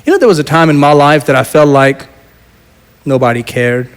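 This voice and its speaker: A middle-aged man preaching a sermon as pastor, telling a personal story and moving between loud proclamation and quiet asides. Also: on the high side, expressive, normal speed, clean tone.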